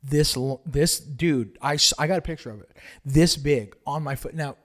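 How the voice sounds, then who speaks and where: Man, podcast host, fairly high pitch, animated, heavy swearing, casual chat. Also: normal speed. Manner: animated, swears constantly, acts out the story. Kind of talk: casual profane storytelling chat.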